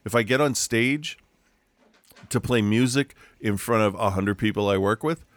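A middle-aged man, co-host of a podcast, chats casually from a room at home in a lowish voice at a normal speed, with no echo. He is a rambling storyteller who keeps restarting his stories and laughing often.

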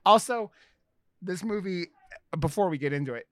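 A man co-hosting a podcast in casual chat, excitable, swearing and laughing as he talks. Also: high voice, moderate pace, no echo. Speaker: podcast co-host.

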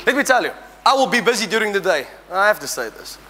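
Man, middle-aged, preacher, sermon, high voice, bright, animated, humorous, church hall reverb. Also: quick pace. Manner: animated, humorous, shouting at peaks, call-and-response.

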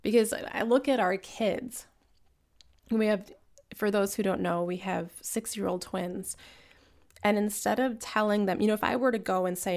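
An earnest woman talks through a faith-based conversation in a reflective, steady way. Her voice stays level with little rise and fall, and a gravelly fry runs through it at mid pitch. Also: normal speed.

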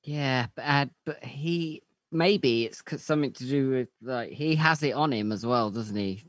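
A man co-hosting a casual podcast, his speech rambling and full of fillers. His voice sits at an ordinary middle pitch. The room is dry and close. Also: moderate pace, no echo. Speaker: podcast co-host. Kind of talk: casual chat.

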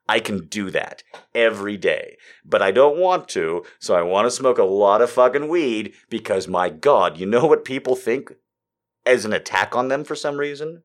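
A man hosting a live show in a casual, rambling, sardonic way, swinging between loud bursts and quiet asides. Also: on the low side, expressive, moderate pace. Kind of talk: casual live-stream chat.

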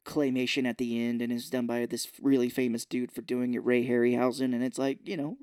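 A man's voice: medium pitch, level tone, brisk, a little mellow, clean tone, dry recording, clean studio sound. Jokey podcast man recapping a film. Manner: jokey, acts out characters in silly voices, swears freely. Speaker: podcast co-host. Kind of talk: casual movie recap chat.

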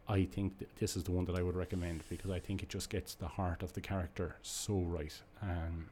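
A man's voice: deep voice, flat delivery, a little fast, hardly any pauses, dark tone, a little hiss or hum. A man giving a casual, enthusiastic comic book review, rambling and restarting his sentences. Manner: rambling, with frequent restarts and fillers. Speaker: podcast host reviewing comics.

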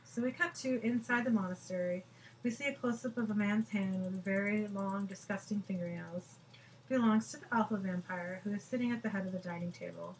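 A woman narrating scenes from a TV episode in a brisk, matter-of-fact way, her pitch sitting in the middle range. A faint hiss of room tone runs underneath. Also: low-quality recording. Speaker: podcast host describing a TV episode. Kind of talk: reading out scene description and dialogue.

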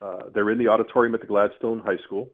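A man's voice: fairly low pitch, quick pace. Man telling a story over a phone line. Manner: earthy, animated, with mild swearing. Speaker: storyteller guest. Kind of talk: casual spoken storytelling. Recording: tinny phone-line sound.

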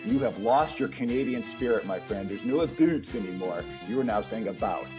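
Teasing co-host, easy broadcaster delivery, faint music underneath. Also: male voice, fairly low pitch, fairly quick. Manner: teasing, playful, talks like a broadcaster. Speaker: priest, co-host. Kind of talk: casual radio talk.

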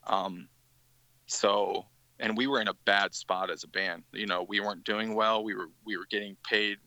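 A man's voice: lowish voice, steady tone, normal speed, pushed and bright, dry recording, poor audio. A man, a band's guitarist, telling a rambling story in a casual podcast interview, with many restarts. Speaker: musician guest.

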